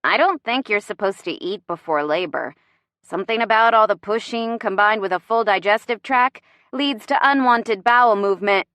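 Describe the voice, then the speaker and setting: A woman voicing a blunt young woman friend who speaks in a deadpan, matter-of-fact way. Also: mid-range voice, moderate pace, no room sound, lightly acted.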